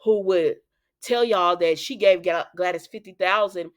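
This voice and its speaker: A woman's voice: on the low side, measured pace. A woman hosting a casual recap, chatty, retelling scenes and quoting the characters. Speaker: soap opera recap host.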